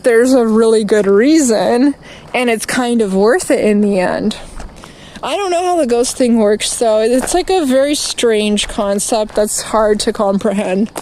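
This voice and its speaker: A woman streaming outdoors, delivering a rambling, profane rant and quickly getting angry. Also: on the high side, warm tone, slight background noise, low-quality recording. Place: outdoors, walking past litter and traffic.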